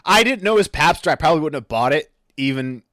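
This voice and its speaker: Fairly high-pitched, animated, and fast, a man with a slightly bright voice co-hosts a podcast. His casual talk wanders, full of self-corrections and tripped-up words. The sound is dry and studio quality.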